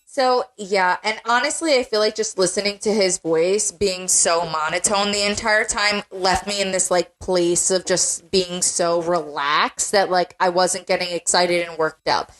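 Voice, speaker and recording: A woman's voice: on the low side, fairly even intonation, a little slow, few pauses, fairly bright tone. A young woman hosting a podcast in casual chat, upbeat and steering the conversation from topic to topic. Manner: upbeat, steers the talk with segment questions. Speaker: podcast host.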